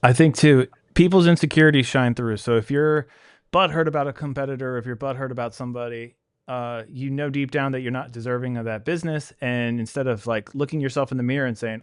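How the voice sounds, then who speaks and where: Candid man with a smooth, dry voice. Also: mid-range voice, a little fast, no room sound. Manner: candid, animated, acts out quoted people. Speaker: podcast host, pressure washing business owner. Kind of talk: casual podcast conversation.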